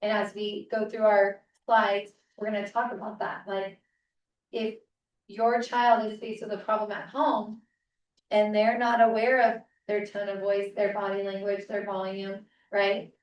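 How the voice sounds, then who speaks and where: A woman's voice: mid-range voice, level tone, measured pace, dull audio. A woman presenting a parent seminar in a casual, conversational way, checking in often with the audience. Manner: casual, checks in with frequent "right?". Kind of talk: conversational teaching talk. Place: seminar room. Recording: roomy, distant mic.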